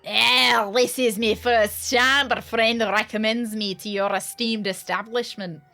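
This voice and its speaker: A woman reading a formal, polite man's chess messages aloud from a mystery game, slowly and a bit louder than her own talk. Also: fairly high pitch, fairly even intonation, soft background music.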